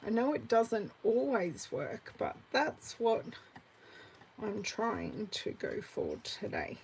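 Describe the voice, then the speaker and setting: A woman in her forties with an Australian accent, chatting through a live card-making class, answering viewers by name and muttering softly to herself as she works. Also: on the high side, wildly swooping pitch, takes it slowly, gravelly, a little hiss or hum, rough recording. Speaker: craft demonstrator.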